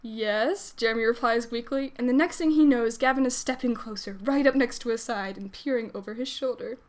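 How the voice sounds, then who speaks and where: A woman streamer reads fanfiction aloud on a livestream in a loose, casual way. Her voice sits fairly high, and she giggles and breaks off for chatty asides between passages. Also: brisk.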